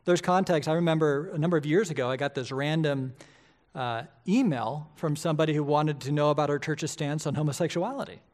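A middle-aged man, a pastor, preaching a sermon in a lively, conversational way, often asking the congregation rhetorical questions. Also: fairly high pitch, a little fast.

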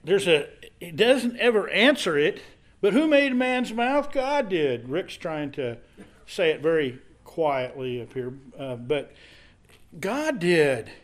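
A man's voice: on the high side, animated, unhurried. A man leading a casual Bible study, reading scripture aloud and then explaining it in a conversational way.

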